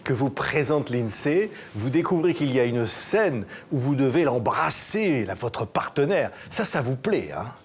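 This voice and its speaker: A man's voice: medium pitch, sing-song, moderate pace, hardly any pauses, slight background noise. A male television host interviewing a guest and animatedly retelling the guest's own story back to him. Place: television studio.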